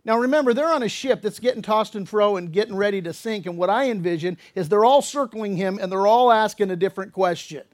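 Casting note: high-pitched male pastor, chatty sermon delivery, jokey asides. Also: fast talker, hardly any pauses. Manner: casual, conversational preaching with asides and acted-out dialogue. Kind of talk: expository sermon.

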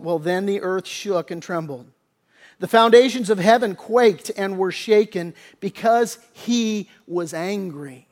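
His voice sitting high, this man preaches earnestly as a pastor in a conversational style. He frequently restarts phrases, going soft at tender moments and lifting his voice for scripture readings.

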